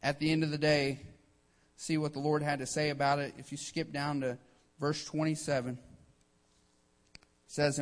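A man's voice: a little high, fairly even intonation, normal speed. A man preaching a sermon with emphatic delivery, often starting lines with "hey" and acting out quotes.

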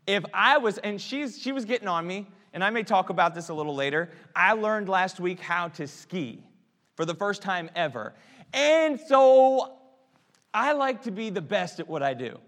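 A man preaching a sermon, swinging from hushed, quiet prayer to loud, emphatic exhortation. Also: high-pitched, expressive, normal speed. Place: church sanctuary. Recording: long church reverb.

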